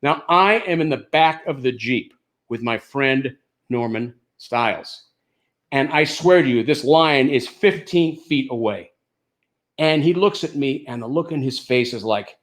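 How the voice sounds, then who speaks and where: An older man who is a comedian, telling stand-up stories in an animated, anecdotal way built around punchlines. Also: medium pitch, a little slow. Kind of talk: stand-up storytelling.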